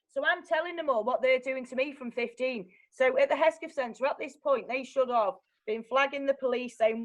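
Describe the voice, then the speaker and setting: A young woman talks in a blunt, animated way, swearing freely as she recounts events. Her voice sits a little higher than most. It is candid personal storytelling, not a performance. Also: normal speed, poor audio. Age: young adult. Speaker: guest.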